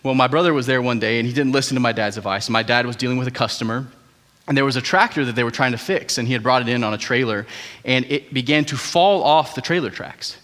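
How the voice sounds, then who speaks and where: A young man preaching a sermon as pastor, telling family stories in a conversational, animated way with asides to the congregation. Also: mid-range voice, fast. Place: large church auditorium. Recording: hall reverb.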